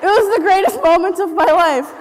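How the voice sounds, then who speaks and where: A woman in her thirties giving a talk, telling a story in an animated way, acting out quotes and laughing often. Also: extremely high pitch, fairly quick, some chatter behind, slight background noise. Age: 30s. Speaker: speaker. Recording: hall reverb.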